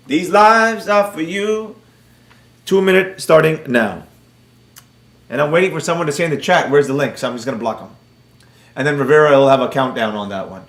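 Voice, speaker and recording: Male livestream host, bright and animated, roomy echo. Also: high voice. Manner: animated, joking, addresses chat viewers by name. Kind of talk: casual livestream Q&A.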